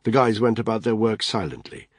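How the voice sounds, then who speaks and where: A man narrating an audiobook thriller in steady, even storytelling. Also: fairly low pitch, brisk, no echo, studio quality.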